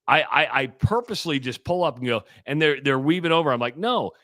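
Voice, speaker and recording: Self-mocking radio co-host. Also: male voice, mid-range voice, bright, forceful tone, no echo, clean studio sound. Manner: self-mocking, halting restarts. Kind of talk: casual morning radio banter.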